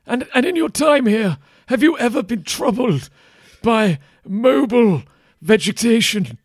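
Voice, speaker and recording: A man's voice: extremely high pitch, animated, a little slow, no room sound, clean studio sound, full character voice. A man voicing a pompous male knight who questions suspects in a theatrical, accusing way. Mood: probing.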